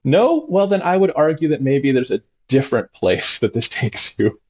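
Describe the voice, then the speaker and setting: A man, a doctor as interview guest, talking expressively and acting out his patients' voices with big jumps in pitch. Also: big pitch swings, moderate pace, darkish tone, husky. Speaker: integrative medicine doctor, guest. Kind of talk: animated conversational interview.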